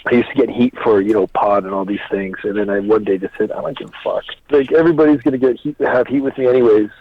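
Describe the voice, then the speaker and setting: A man in his thirties, a pro wrestler guest on a podcast, telling stories in a relaxed way, chuckling often and swearing casually. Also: fairly low pitch, quick pace, slight background noise. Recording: dry, slightly dull podcast audio.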